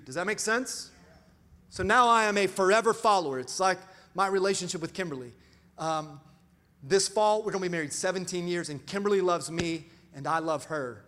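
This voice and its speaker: A middle-aged male pastor preaching a sermon with call-and-response asides and sudden swings from quiet to loud. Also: sits high. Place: large church hall. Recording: reverberant church hall with music.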